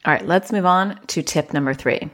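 A woman's voice: deep voice, moderate pace, over loud music. A woman child therapist hosting a podcast, giving casual advice in a chatty, self-deprecating way and acting out little quotes.

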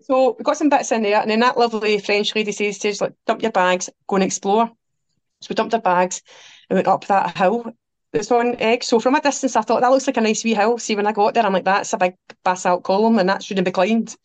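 Scottish woman, podcast guest, animated storyteller, mid-range voice, dry close sound. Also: mid-range voice, quick pace, no room sound. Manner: animated, quotes people, laughs through her stories. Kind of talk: anecdotal storytelling chat.

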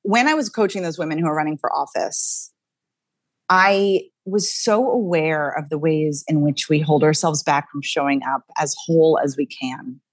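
A woman, a dialect coach talking energetically as a guest, thinking out loud with quick restarts. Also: low-pitched, dry recording, clean studio sound. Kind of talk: casual interview chat.

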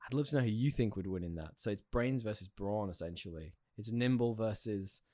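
A man's voice: lowish voice, fairly quick, dark tone, no room sound, studio quality. A British man co-hosting a podcast, chatty and teasing in casual conversation. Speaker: podcast co-host. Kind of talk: casual chat.

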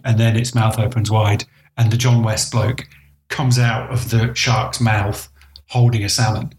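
A man's voice: lowish voice, level tone, a little slow, a little mellow, reverberant. A man co-hosting a podcast, chatting casually about old adverts and reading out notes he wrote down. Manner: chatty, reads out notes, laughs easily. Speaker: podcast co-host.

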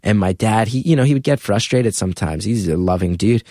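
A man's voice: lowish voice, brisk, no echo. Chatty man telling stories, dry close mic. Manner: animated, filler-heavy storytelling with acted quotes. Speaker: comedian guest. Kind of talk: casual storytelling conversation.

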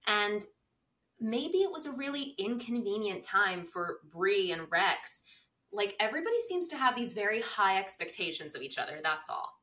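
A woman co-hosts a casual recap podcast with a bright, sharp voice. She chats freely and gives her opinions. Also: mid-range voice, big pitch swings, normal speed. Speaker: podcast co-host.

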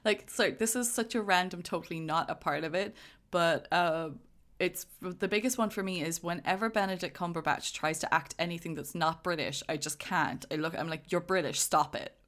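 A woman co-hosts a relaxed movie podcast in a chatty, quick-talking way, laughing often as she goes. Her voice sits a little low for a woman. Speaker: podcast co-host. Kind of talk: casual film discussion.

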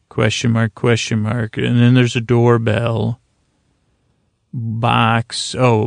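Drowsy, creaky-voiced man recapping an episode. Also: mid-range voice, dry recording, studio quality. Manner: meandering, hesitant, many fillers and restarts; mild, drowsy, unhurried delivery. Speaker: podcast host. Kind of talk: low-key sleep podcast episode recap.

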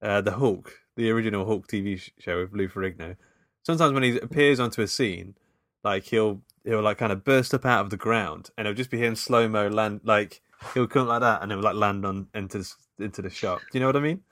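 A man co-hosts a podcast, chatting casually in a laid-back, hesitant way. His voice is lowish and fairly bright, and he talks briskly; the recording is dry and studio quality.

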